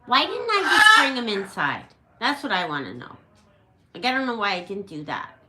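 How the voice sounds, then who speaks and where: Her pitch is on the high side and swoops wildly, at a moderate pace under heavy background noise. A middle-aged woman running a parrot rescue channel, she tells a dramatic, emotional, rambling story to camera from home, restarting often in an echoey room.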